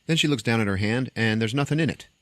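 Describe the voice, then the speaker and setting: A male podcast host gives a casual, comedic movie recap, animatedly acting out the scenes as he tells it. He speaks fast in a mid-range voice, and the recording is dry.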